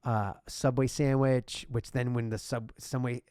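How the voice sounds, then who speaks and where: A man co-hosting a podcast in casual chat, talking in an animated way, jumping into quoted voices and cutting in on his guest. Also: mid-range voice, measured pace, smooth, no room sound, clean studio sound. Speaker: podcast co-host.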